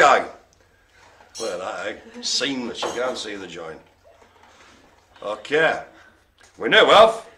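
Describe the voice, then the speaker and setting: Lively, bright-voiced male bingo host. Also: on the low side, slow pace, pauses often. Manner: showman patter with puns and silly noises. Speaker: host of a live online bingo show. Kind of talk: jokey live bingo calling.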